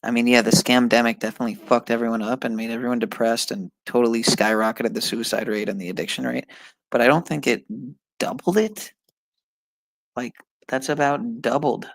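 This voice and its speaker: This live-streamer swears and mutters as he struggles through an online test, talking to viewers along the way. His medium-pitched voice is creaky and fairly even, delivered at a quick pace. The recording is dry and low in quality.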